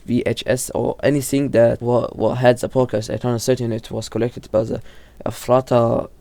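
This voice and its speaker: A man's voice: mid-range voice, level tone, normal speed, vocal fry, warm tone, no echo. A man casually explaining horror lore, often stumbling, restarting and correcting himself, with lots of fillers. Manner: informal, filler-heavy delivery.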